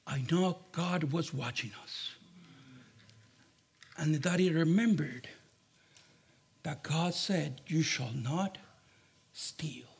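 High, husky man preaching to children. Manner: animated, repetitive, addressing children directly. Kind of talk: children's sermon.

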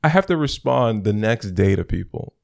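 A young man with a low, gravelly voice tells stories in loose, casual chat at a normal speed. He's an animated storyteller who slips into the voices of the people involved, acting out both sides of phone calls. The sound is close and dry, with no room sound at all.

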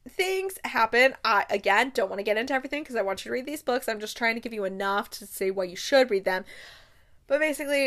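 A woman's voice: a little high, fast talker. A young woman hosting a podcast, gushing casually about books she loves, with bursts of laughter and dramatic retellings. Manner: gushing, excitable, breaks into laughs and acted-out quotes. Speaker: podcast host. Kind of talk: casual book review chat.

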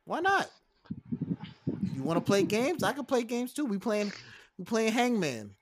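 A man's voice: high-pitched, big pitch swings, unhurried. A young man co-hosting a podcast, talking casually with playful, dramatic rants. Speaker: podcast co-host. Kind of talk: casual chat.

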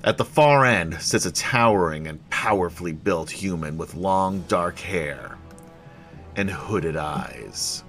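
A man's voice: low voice, expressive, slow, fairly bright tone, soft background music. A man running a tabletop fantasy game as game master, narrating and joking at his own expense. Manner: jokey, self-deprecating, many fillers.

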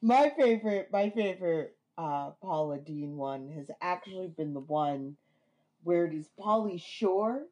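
A woman co-hosting a casual podcast, playful and quick to laugh. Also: on the low side, animated, a little mellow. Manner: playful, giggly. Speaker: podcast co-host. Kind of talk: casual chat.

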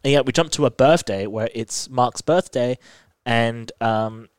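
Animated man recapping a show. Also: mid-range voice, unhurried, smooth, no echo. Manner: animated, detailed retelling. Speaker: podcast co-host. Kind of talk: casual chat recapping a TV episode.

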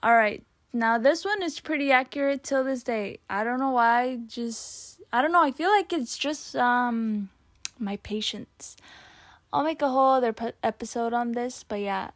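A young woman talks casually on her own podcast, musing and rambling with lots of fillers. Her voice sits a little high. The recording is dry and close, with no room sound. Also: normal speed, no room sound. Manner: chatty, rambling, many "like" fillers. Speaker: podcast host. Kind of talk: casual solo talk reading old notes.

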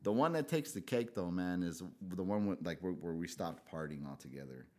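A middle-aged man talks with a lowish, settled voice. He spins his stories in a relaxed, profane chat. When he quotes other people, his voice jumps up sharply. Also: a little fast. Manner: laid-back, profane, acts out quotes with a raised voice. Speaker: podcast guest. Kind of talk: casual storytelling chat.

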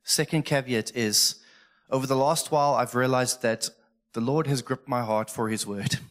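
A man's voice: medium pitch, moderate pace. Earnest, emotional male pastor. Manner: earnest, emotional, conversational preaching. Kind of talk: sermon. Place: church stage.

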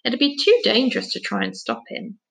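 A woman's voice: fairly high pitch, huge pitch swings, brisk, vocal fry, fairly bright tone, voice pushed up, exaggerated voice. A woman voices a cautious girl who objects to every risky plan. Her voice is a little raised in a storybook reading. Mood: doubtful. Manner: objecting, doubtful.

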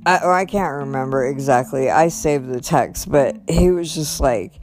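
A woman's voice: measured pace, soft background music. A middle-aged woman candidly recounting a personal story, quoting others with lots of "like" and "you know.". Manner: animated retelling, quoting others with rising pitch, fillers like "like" and "you know".

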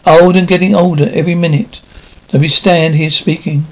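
An older actor playing a melancholy aging stage star in a 1950s television drama, talking in a wistful, theatrical way. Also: male voice, fairly high pitch, fairly even intonation, fairly quick, lightly acted, low-quality recording. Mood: weary, melancholy. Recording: faint hiss of an old TV soundtrack.

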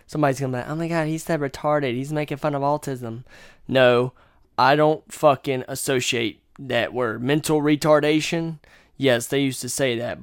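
A man's voice: mid-range voice, smooth, dry recording. Male host on a heated solo rant: confrontational and foul-mouthed, clean resonant tone recorded dry and close. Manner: angry, combative, swearing constantly. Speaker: podcast host. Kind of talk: profane ranting monologue.

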